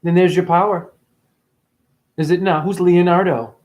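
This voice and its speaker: A man's voice: high-pitched, steady tone, unhurried, a little mellow, highs cut off. A man delivering a profane, preachy spiritual rant straight at his viewers, swearing freely as he lectures them. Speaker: vlogger.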